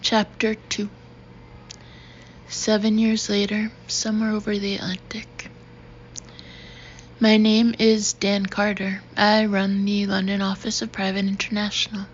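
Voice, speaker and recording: A woman reading a thriller audiobook in a steady, even narration. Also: medium pitch, a little slow, pauses often. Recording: dull, slightly noisy recording.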